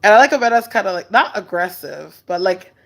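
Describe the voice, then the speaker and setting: A woman hosting a casual live stream, chatting loosely and candidly while answering viewer comments in a relaxed way. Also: mid-range voice, gravelly. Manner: relaxed and unhurried. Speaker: livestream host.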